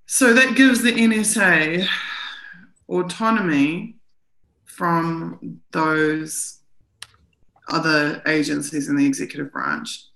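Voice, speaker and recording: Woman, live-stream co-host, reads documents aloud then comments, bright forceful tone, echoey room. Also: low voice, slow, vocal fry, long pauses. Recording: roomy echo.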